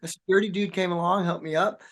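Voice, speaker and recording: A man's voice: high voice, steady tone, rapid-fire, a bit bright. Rambling, chatty male rock drummer. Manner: rambling, chatty storyteller, says man and dude a lot. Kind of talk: casual interview chat.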